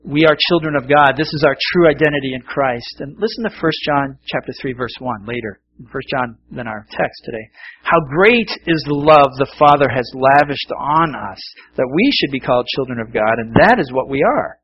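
A man's voice: mid-range voice, animated, moderate pace, breathy edge, dull audio. A middle-aged man preaching a sermon in a conversational, self-deprecating way, with asides and fillers. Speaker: pastor.

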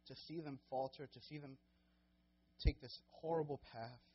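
A young man preaching a casual sermon as a guest preacher, with many fillers and restarts, getting loud and high when he acts out scenes. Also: fairly even intonation, moderate pace, breathy edge, muffled recording.

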